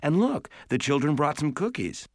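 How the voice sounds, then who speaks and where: A man's voice: a little high, big pitch swings, normal speed, a little mellow, dry recording, clean studio sound, voice pushed up. A man voicing a mother of three who speaks hesitantly and politely.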